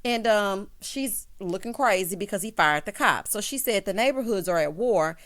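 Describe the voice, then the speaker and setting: A woman's voice: mid-range voice, animated, normal speed. A woman giving a casual, chatty recap of a TV episode, talking expressively and straight to her viewers. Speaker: TV episode reviewer.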